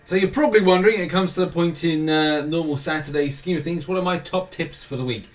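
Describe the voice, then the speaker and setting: A man's voice: on the high side, quick pace. British guy hosting a gaming show, rambly and jokey, laughs at his own bits. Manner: rambling, jokey, self-mocking asides. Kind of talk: casual weekly game schedule rundown.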